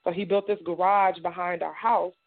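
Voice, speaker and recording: A middle-aged woman from Indiana giving personal testimony in a radio interview, halting and repeating words as she acts out what others said. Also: fairly low pitch, steady tone. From Indiana, United States. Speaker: guest survivor telling her story. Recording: tinny phone-like radio sound.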